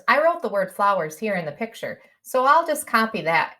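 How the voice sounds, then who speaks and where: A woman's voice: medium pitch, sing-song, normal speed, pushed and bright. Sing-song woman teacher stretching out sounds. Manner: coaxing, asks children to spell along. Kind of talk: early-grade writing lesson.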